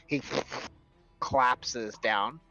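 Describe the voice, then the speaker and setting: A man narrates a tabletop game as its game master, slowing down to paint each scene. His voice sits at an average pitch. The sound is dull and lo-fi, with faint music in the background. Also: pushed and bright, no echo. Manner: slow, descriptive narration with drawn-out words.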